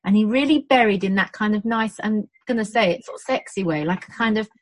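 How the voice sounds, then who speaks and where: A woman's voice: mid-range voice, quick pace, dry recording, low-quality recording. A woman with a British accent who works in birth support, chatting casually and acting out quotes as she tells stories. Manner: animated storytelling with acted-out quotes. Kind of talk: casual chat.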